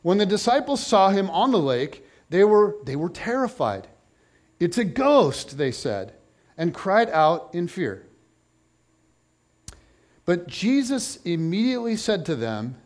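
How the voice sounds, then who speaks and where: A man with a high, light voice delivering a sermon. He tells the story with playful humor and voices the people in it as he goes. His pitch climbs and falls often as he talks. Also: unhurried. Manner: animated, jokey storytelling with voiced asides. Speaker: pastor.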